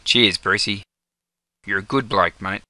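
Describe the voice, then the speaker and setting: A man's voice: lowish voice, steady tone, unhurried, pushed and bright, no echo. A young man with an Australian accent playing an easygoing mate who talks in slang in a comedy sketch. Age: young adult. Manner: broad slang-laden banter. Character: young Aussie bloke Jono, easygoing mate.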